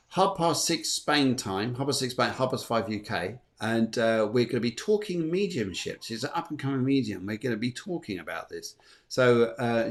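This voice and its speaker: A man hosts a spiritual chat show in a mid-range voice. He talks eagerly, laughs a lot and drops into quoted voices as he riffs. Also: mid-range voice. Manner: enthusiastic, laughs often, acts out quoted voices. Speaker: host of a spiritual and astrology show. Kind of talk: casual chat.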